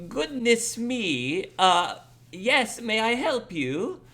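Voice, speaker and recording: Flustered elderly caretaker, female, stammering and apologetic, pitched high; played by a man. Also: big pitch swings, very slow, bright, forceful tone, full character voice. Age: over 60.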